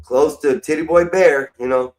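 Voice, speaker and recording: A man's voice: a little high, moderate pace, a little mellow, far from the mic. Middle-aged man, profane slangy livestream host, loose rambling talk.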